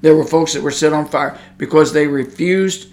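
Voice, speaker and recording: A man's voice: a little high, fairly even intonation, normal speed, a little mellow. A man preaching an informal podcast sermon into a microphone, folksy and emphatic, swelling to fervent intensity. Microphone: studio microphone.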